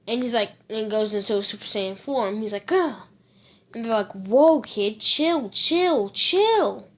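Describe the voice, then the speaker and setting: A woman's voice: mid-range voice, pushed and bright. A woman casually telling a fan story, rambling with fillers and self-corrections.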